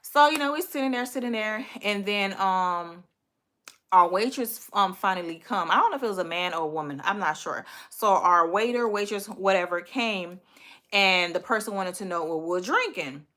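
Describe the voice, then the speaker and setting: A young woman telling a date story in a casual storytime vlog, profane and animated, acting out her own thoughts. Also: medium pitch, normal speed.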